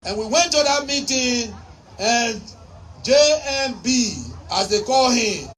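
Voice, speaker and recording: Shouting Liberian man at a rally. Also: very high-pitched, slow pace. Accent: Liberian English. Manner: shouting, rhetorical, repeats phrases. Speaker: politician giving a campaign speech. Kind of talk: political rally speech. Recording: distant mic with crowd and noise.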